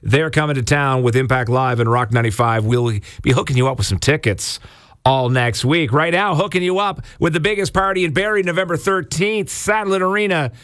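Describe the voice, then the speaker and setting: A man's voice: on the high side, a little fast, fairly bright tone, clear, resonant tone, no echo, studio quality. A man working as a radio DJ, bantering playfully with a caller on air. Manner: playful, teasing.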